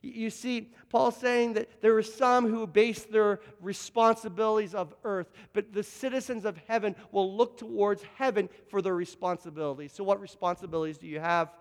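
A man's voice: sits high, fairly even intonation, normal speed, hardly any pauses, in a large hall. A Canadian man preaching a sermon as pastor, earnest, often repeating words as he presses a point.

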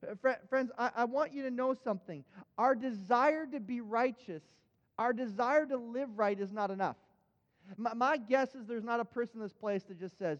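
A man with a high voice preaching a sermon, earnest and repeating himself as he builds each point. his voice rings out through a church hall with a long echo, and the sound is dull and muffled. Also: fairly quick. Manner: earnest, repeats words when starting phrases. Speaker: pastor. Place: church sanctuary.

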